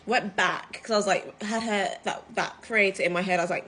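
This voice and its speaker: A woman from the UK, telling a story to camera in a chatty, animated way, full of fillers. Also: mid-range voice, moderate pace, hardly any pauses. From United Kingdom. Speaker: vlogger. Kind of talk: casual storytime vlog.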